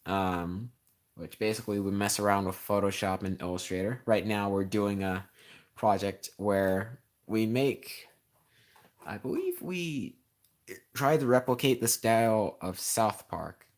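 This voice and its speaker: Teen boy, streamer, rambling chat, sarcastic, lowish voice, lots of ums. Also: unhurried. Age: teens. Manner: gets loud and heated when ranting. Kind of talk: casual livestream chat.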